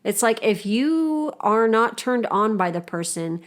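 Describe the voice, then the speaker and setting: A woman's voice: on the high side, animated, a little slow. Blunt, profane woman podcaster. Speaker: podcast co-host. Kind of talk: casual podcast chat.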